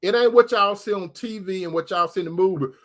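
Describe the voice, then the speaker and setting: A man's voice: high voice, fast, fairly bright tone. A man preaching informally to online viewers, folksy and repetitive, speaking straight to his listeners. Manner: folksy, repeats phrases for emphasis, addresses listeners directly.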